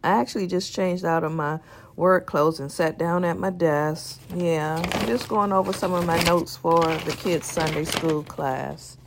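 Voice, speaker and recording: A woman playing a slow-spoken devout churchgoing wife. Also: fairly low pitch, steady tone, noisy background. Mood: playful. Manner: slow, sing-song churchy speech, frequent "mm" and "hallelujah". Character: devout churchgoing wife Rochelle, gentle and warm. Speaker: minister's wife in audio drama. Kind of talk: audio drama acting.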